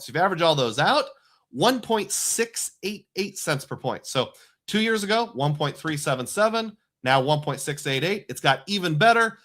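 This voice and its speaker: A man's voice: fairly high pitch, a bit bright. A middle-aged man hosting a casual live stream, chatting loosely and reading viewer comments aloud. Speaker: livestream host.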